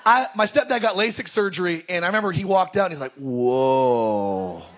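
A man preaching in a high, light voice at a church service. He tells his stories in a loose, personal way. He keeps breaking into loud, shouted exclamations. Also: quick pace. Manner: storytelling, bursts into shouted exclamations. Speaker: pastor. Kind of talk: sermon.

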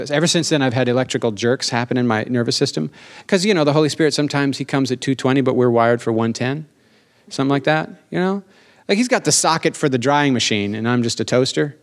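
A middle-aged man preaches a sermon in an animated, emphatic way, often asking for an amen. His voice sits at a middle pitch, and it climbs and slows when he wants a point to land. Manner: animated, emphatic, asks the congregation for amens; slows down for emphasis, rising pitch on key lines. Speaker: pastor.

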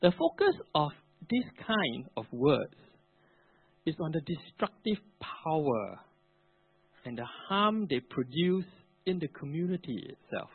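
A man's voice: fairly high pitch, sing-song, unhurried, breathy edge, no echo. A male pastor preaching a sermon, emphatic with colloquial asides. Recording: narrow phone-like, dry.

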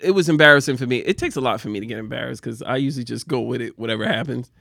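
A man co-hosting a casual chat, animated and quick to laugh loudly. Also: medium pitch, creaky, no room sound, studio quality. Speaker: podcast co-host.

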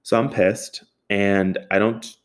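A man's voice: on the low side, level tone, takes it slowly. A young man telling a comic story in a casual, profane and sarcastic way.

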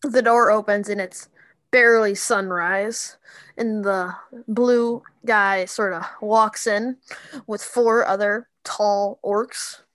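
Woman game master narrating a tabletop game, loose and halting with lots of likes and ums, dry close sound. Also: medium pitch, fairly even intonation, a bit bright, dry recording. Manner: casual, halting, many fillers.

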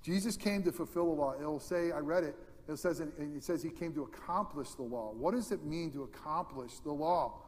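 Male preacher, sermon, high voice, long hall reverb, loud peaks and hushed drops. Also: moderate pace, hardly any pauses. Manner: swings from loud emphatic peaks to hushed near-whispers. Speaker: pastor.

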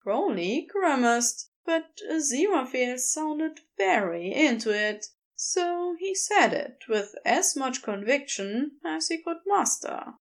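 A woman narrating a story in a lively, expressive voice that rises and falls a lot. She sits fairly high and takes her time over the words. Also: slow, few pauses. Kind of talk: scripted narration.

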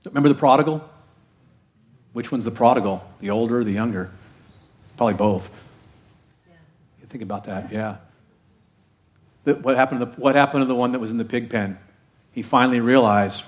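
A male pastor preaching a conversational, animated sermon, often asking the congregation questions. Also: medium pitch, a little fast, pauses often.

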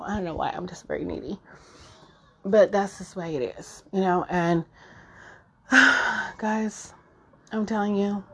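Woman host, 30s, raw emotional monologue with plenty of swearing and fillers, mid-pitched voice. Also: a little mellow. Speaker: podcast host. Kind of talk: casual personal monologue.

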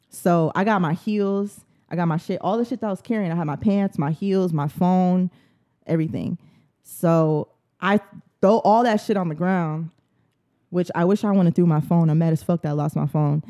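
A young woman co-hosting a podcast, telling a story in casual, profane chat and acting out what people said. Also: medium pitch. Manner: animated, profane storytelling with acted-out quotes. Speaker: podcast co-host.

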